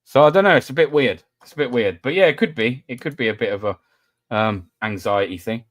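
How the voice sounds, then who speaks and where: Brisk and mid-range with a slightly bright tone, this British man's voice is recorded dry over online voice chat. As host of a live voice-chat panel, he banters casually and tells self-mocking stories.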